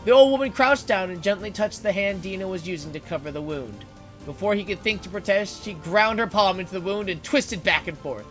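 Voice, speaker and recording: A man reads a story aloud on stream with a high, bright voice. He narrates with feeling and breaks in with joking remarks. Faint music plays behind him. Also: a little fast.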